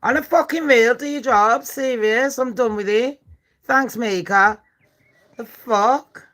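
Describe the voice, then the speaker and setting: A woman's voice: on the high side, takes it slowly, a bit bright. A woman, hosting a live stream and ranting, swearing and squaring up to commenters between true-crime chat. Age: 40s. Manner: foul-mouthed, confrontational, ranting at chat. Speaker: livestream host.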